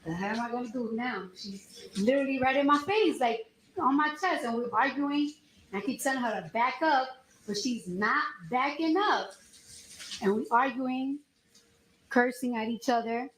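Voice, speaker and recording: A woman testifying as a witness at trial, telling her story in an animated, emphatic way. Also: sits high, unhurried, a little hiss or hum. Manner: animated storytelling, voice rises when she recounts the argument. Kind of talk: courtroom testimony. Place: courtroom. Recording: echoey courtroom audio.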